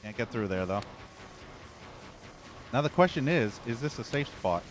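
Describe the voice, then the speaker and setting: A man's voice: medium pitch, lively intonation, measured pace, slight background noise. A man streaming a shooter game, giving live commentary with frequent profane, frustrated rants. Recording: game music and gunfire behind.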